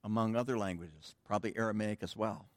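A man's voice: lowish voice, quick pace, dry recording. A middle-aged man preaching a sermon in church, teaching a Greek grammar point with casual, joking asides to the congregation. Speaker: pastor. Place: church sanctuary.

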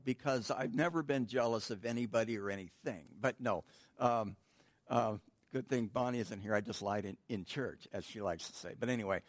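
A man's voice: medium pitch, no echo. Chatty male pastor, dry close sound. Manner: informal and chatty, asks the room questions and answers them, frequent restarts. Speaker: pastor teaching a midweek Bible study. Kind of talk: conversational Bible teaching.

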